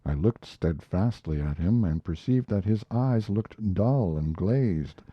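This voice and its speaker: Male audiobook narrator, low voice, lively delivery, dry lo-fi sound. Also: slightly rough, no echo. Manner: measured, expressive reading. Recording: dull lo-fi recording.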